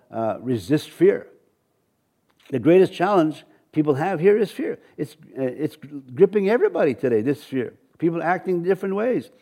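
A man's voice: on the high side, dark tone. Man preaching with an Ojibwe accent. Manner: halting, many restarts and fillers. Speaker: pastor. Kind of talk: sermon with scripture reading.

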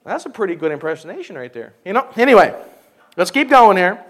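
A man preaching a sermon, animated and joking, with folksy asides and laughter. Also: high voice, fast. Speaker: pastor.

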